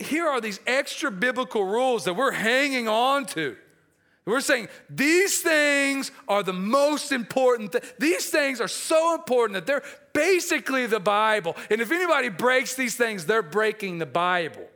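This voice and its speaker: Guy preaching a sermon, high bright voice, animated, acts out the scripture dialogue. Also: unhurried. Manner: animated, acts out dialogue, laughs at own asides.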